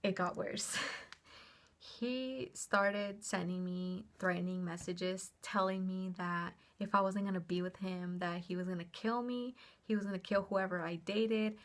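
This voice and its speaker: A young woman telling a personal story on her vlog in a chatty, animated way, with lots of "like" and casual swearing. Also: mid-range voice, unhurried.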